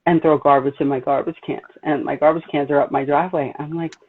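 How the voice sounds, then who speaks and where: This low, slightly rough-voiced woman talks fast with fairly even intonation. She's a New Jersey psychic medium with a Jersey accent, hosting a casual livestream where she's blunt and tells stories animatedly, and the audio sounds tinny and phone-like.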